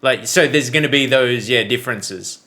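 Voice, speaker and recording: A man's voice: mid-range voice, normal speed, bright, forceful tone, soft background music. An Australian man hosting a reaction video, chatting casually and restarting his thoughts as he goes. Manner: rambling, restarts mid-thought.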